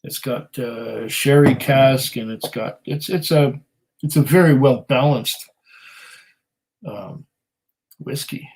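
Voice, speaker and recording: A man's voice: mid-range voice, slow pace, long pauses, a little mellow, low-quality recording. A man hosting a whisky channel, casually reading viewer comments aloud on a livestream in a rambling, self-deprecating way. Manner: rambling and self-deprecating, with many fillers and laughs.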